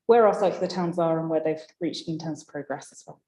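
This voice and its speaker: Brief: woman, going hoarse, earnest guest at a council meeting, low tone, echoey room. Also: fast talker, dark tone. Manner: earnest, thinking aloud with restarts. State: losing her voice. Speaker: guest presenting to council committee. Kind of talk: formal meeting answer.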